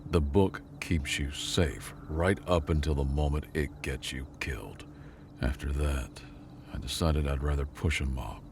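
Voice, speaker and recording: A man voicing a tired, sarcastic human janitor in a sci-fi story, speaking flat and deadpan. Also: extremely low pitch, measured pace, background noise.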